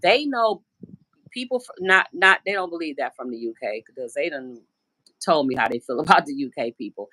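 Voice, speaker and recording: A middle-aged American woman talks on a casual live stream from home in a low, deep voice. She rambles chattily and slips into the voices of the people she quotes. Her phone picks up a dry, close sound with no room echo. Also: animated, normal speed, pushed and bright. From United States. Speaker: livestream host. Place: at home indoors.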